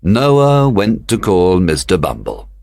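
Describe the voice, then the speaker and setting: A man narrating a children's storybook for young learners, slow, clear and expressive. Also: low-pitched, a little hiss or hum. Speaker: audiobook reader.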